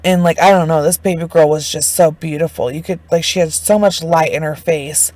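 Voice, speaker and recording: A woman's voice: low voice, steady tone, fairly quick, darkish tone, dry recording, poor audio. A woman casually retelling a true crime case, chatty and indignant, full of fillers and swearing. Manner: emotionally invested, indignant.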